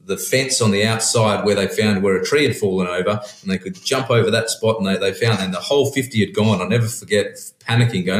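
A man, a pastor who farms sheep, speaks in a fairly low voice. He chats loosely and rambles, restarting his sentences often. The recording has a noticeable room echo. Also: brisk. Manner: relaxed, rambling, frequent restarts. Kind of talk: casual conversation. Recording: roomy echo.

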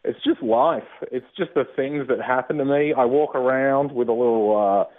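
A self-mocking man, a comedian talking casually about his work in an interview. His voice comes through a thin, tinny phone line. He sits at an ordinary middle pitch and laughs often. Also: animated, moderate pace, vocal fry. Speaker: stand-up comedian, guest.

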